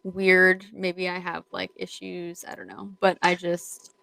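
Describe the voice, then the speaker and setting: A woman co-hosting a podcast in casual chat, speaking hesitantly with many fillers and trailing off softly. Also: lowish voice, monotone, slow, gravelly, no room sound. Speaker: podcast co-host.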